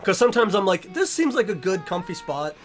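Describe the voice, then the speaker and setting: Over faint background music, a young streamer with a slightly high voice speaks earnestly to his viewers in casual chat. He's very animated and brisk, restarting sentences and getting emotional as he goes.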